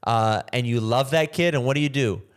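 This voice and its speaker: A man in his own podcast, riffing on a bit and breaking into quick character voices. His pitch sits in a plain middle range for a man, and he talks in a loose, joking way. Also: smooth. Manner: animated, jokey, acts out bits in other voices. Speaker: comedian podcast host. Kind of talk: casual comedic riffing. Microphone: camera mic without a boom arm.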